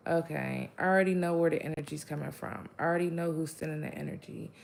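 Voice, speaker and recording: A low-pitched woman with a heavily gravelly, fry-laden voice gives a casual spiritual pep talk. She is blunt and profane and rambles through many fillers. A faint hiss of noise sits behind her. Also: quick pace. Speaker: vlogger giving motivational talk.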